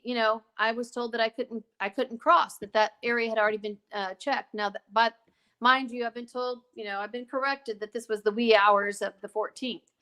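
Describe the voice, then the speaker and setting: High-voiced woman telling a story with many asides. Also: a bit bright. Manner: digressive, emphatic, many asides. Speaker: podcast guest. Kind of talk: casual conversational storytelling.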